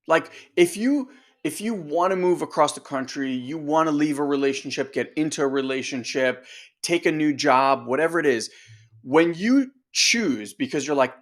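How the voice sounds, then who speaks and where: A man's voice: a little high, expressive, normal speed. Emphatic man coaching an audience. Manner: emphatic, direct, talks to the audience with rhetorical questions. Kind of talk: motivational coaching talk.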